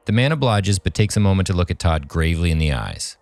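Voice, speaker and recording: A man co-hosting a podcast, reading a horror script aloud in an even narrating voice. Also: low-pitched, quick pace, no room sound. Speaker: podcast co-host and script reader.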